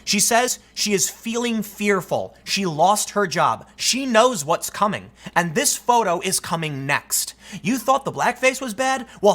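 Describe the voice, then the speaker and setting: A man's voice: high voice, fairly bright tone. A man giving a solo political commentary monologue, emphatic and indignant, ranting to the camera.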